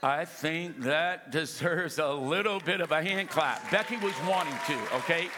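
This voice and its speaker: A man's voice: on the high side, a little slow, crowd noise. A man preaching a sermon as pastor, emphatic, often calling for the congregation to answer back. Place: church sanctuary. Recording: long reverb of a large hall.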